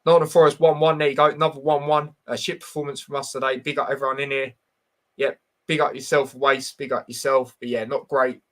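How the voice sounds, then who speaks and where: A man's brisk, slightly bright, medium-pitched voice barely moves in pitch as he hosts a casual live stream of football predictions. He's talkative and blunt, reads the chat out, answers it directly and leans heavily on fillers.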